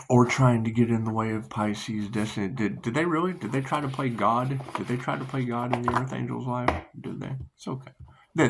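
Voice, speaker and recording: A man hosting a rambling spiritual monologue, repeating himself, laughing often and dropping into soft asides. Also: fairly low pitch, vocal fry, a little hiss or hum. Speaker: spiritual video host.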